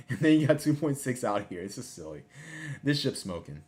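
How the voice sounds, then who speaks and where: A man hosting a casual livestream, talking over a map and reading out numbers, excitable and often repeating himself. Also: mid-range voice, measured pace, long pauses. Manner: excitable, exclamatory, repeats phrases. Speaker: livestream host.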